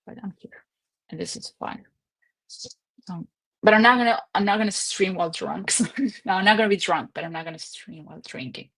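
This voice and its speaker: Woman in her twenties or thirties, casual stream host, rambling chatty delivery, recorded at home. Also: mid-range voice. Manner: chatty, rambling, laughs often. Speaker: livestream host. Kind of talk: casual livestream chat.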